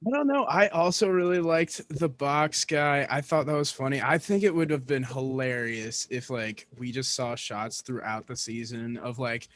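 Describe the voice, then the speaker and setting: A man's voice: mid-range voice, moderate pace, few pauses, fairly bright tone. A man in his twenties co-hosting a casual podcast chat, rambling through amused opinions. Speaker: podcast co-host.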